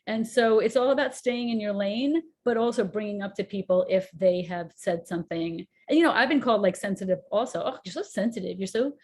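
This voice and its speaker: A woman co-host in casual chat, animated and acting out examples in different tones. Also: medium pitch, fairly quick, hardly any pauses. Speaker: co-host, children's show songwriter.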